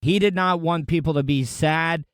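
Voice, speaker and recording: A man's voice: fairly high pitch, moderate pace, clear, resonant tone, no room sound. A man hosting a podcast, telling candid stories in a blunt, sometimes profane casual monologue. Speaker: podcast host.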